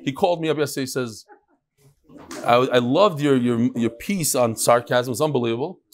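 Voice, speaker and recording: A man's voice: medium pitch, a little fast, a little hiss or hum. A man leading a daily Talmud class, joking and teasing back and forth with the people in the room. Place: classroom with a live audience.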